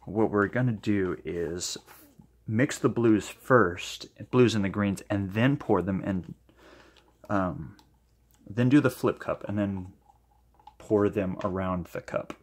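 A man's voice: lowish voice, slow. A man hosting a paint-pouring video, chatting enthusiastically to the camera and thinking aloud as he mixes colors. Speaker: acrylic pouring channel host. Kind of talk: casual demo talk to camera.

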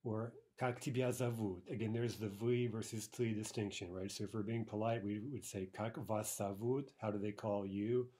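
Male language teacher, low husky voice, easygoing explainer who keeps checking in. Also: moderate pace, hardly any pauses. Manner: relaxed, many uh fillers and "right?" checks. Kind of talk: recorded lesson explaining grammar.

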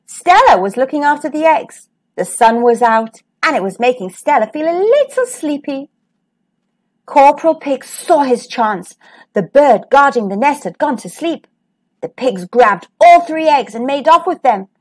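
A woman hosting a storytime channel, reading a children's picture book aloud with lively expression. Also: high voice, measured pace. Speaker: storytime host.

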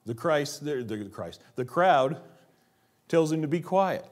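A man preaching a church sermon, asking rhetorical questions and dropping his voice low for quiet emphasis. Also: animated, takes it slowly. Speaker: pastor. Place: church sanctuary.

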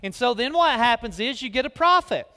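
A man preaching a sermon in a folksy, animated way, directing people onstage. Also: very high voice, a little fast. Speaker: guest preacher. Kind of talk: sermon with live skit. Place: large church hall. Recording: long reverb of a big hall.

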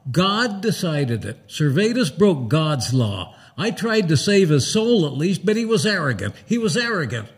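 A man's voice: fairly high pitch, very animated, moderate pace, few pauses, breathy edge, voice pushed up. A man playing a stern, self-righteous church reformer who scolds and will not yield. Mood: defensive. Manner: cold, scolding, unyielding.

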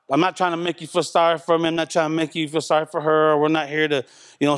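Loud, high-voiced man giving testimony. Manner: loud talker, candid and animated. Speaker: church member giving testimony. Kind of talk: church testimony. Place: church service. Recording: reverberant church hall.

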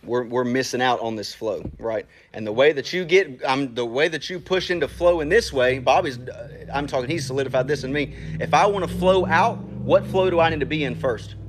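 Animated male preacher. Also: mid-range voice, a little fast, hardly any pauses, background noise. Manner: animated, conversational, talks straight to the congregation. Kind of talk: casual sermon.

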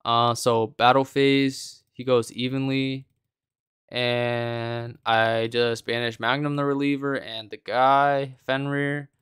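A man's voice: mid-range voice, little pitch movement, slow pace, a bit bright, smooth, no room sound, clean studio sound. A man giving casual, exasperated gameplay commentary on a card game, slangy and calling everyone bro.

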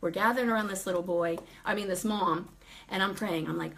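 A woman telling a ministry story in casual talk, animated and laughing often as she acts out what people said. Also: mid-range voice, fairly quick, vocal fry.

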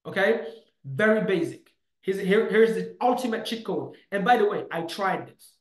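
A man coaching to camera in a punchy, emphatic way, with lots of "bam" and "boom". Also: expressive, moderate pace, echoey room, poor audio. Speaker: real estate coach. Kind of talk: motivational teaching to camera.

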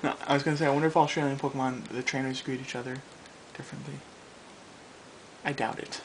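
A man's voice: mid-range voice, level tone, fast talker, low-quality recording. Playful young guy, faint hiss behind. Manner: playful, jokey, quotes cartoons. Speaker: co-host drawing on video. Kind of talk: casual chat while drawing.

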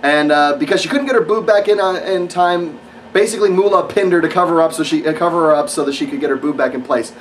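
A man's voice: on the high side, fast talker, distant mic, a little hiss or hum, low-quality recording. A man giving a casual, rambling spoken review of wrestling matches, sarcastic and full of fillers.

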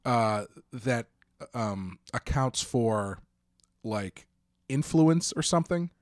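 A man hosting a podcast in casual chat, talking in a relaxed, rambling way full of restarts and fillers. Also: mid-range voice, takes it slowly, no room sound, clean studio sound. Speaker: podcast host.

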